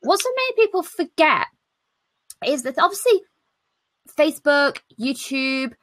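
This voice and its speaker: A woman's voice: high-pitched, big pitch swings, measured pace, fairly bright tone, no echo. A British woman hosting a live stream on a video call, in casual, jokey chat with mild swearing.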